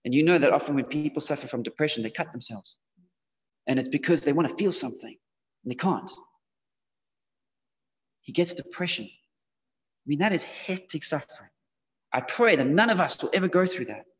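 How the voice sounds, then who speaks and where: A man's voice: on the high side, lively intonation, normal speed, long pauses. A man giving a casual, conversational sermon to teenagers in a church hall. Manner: casual, conversational, with frequent fillers. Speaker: youth preacher. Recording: dull, slightly muffled sound with long hall reverb.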